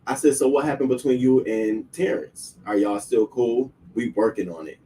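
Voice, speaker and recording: A man's voice: medium pitch, moderate pace, far from the mic, a little hiss or hum, low-quality recording. A man hosting his own show, telling a personal story in casual, profane speech and acting out the people he quotes. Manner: profane, animated, acts out quoted voices. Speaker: show host.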